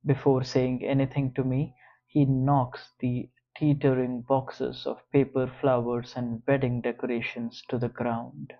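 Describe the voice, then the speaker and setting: Male audiobook narrator, slow deliberate first-person read, slightly muffled audio. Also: medium pitch, flat delivery.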